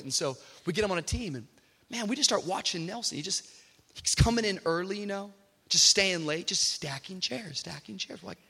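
A man preaching a sermon as a pastor, telling animated stories and building to shouted exhortation in a church. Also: sits high, a little fast, gravelly, husky. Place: church sanctuary. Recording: reverberant church hall.

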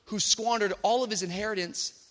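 A man preaching a sermon as a pastor, telling animated stories and building to shouted exhortation in a church. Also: high voice, fairly quick. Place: church sanctuary. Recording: reverberant church hall.

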